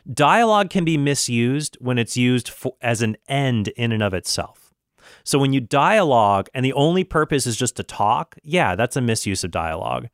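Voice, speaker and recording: A man talks through his argument on a solo podcast in an earnest, reasoning manner. He often backs up and restarts his sentences. His voice sits at an average pitch, and the recording is close and dry. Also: fairly bright tone, no room sound. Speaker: Christian podcast host.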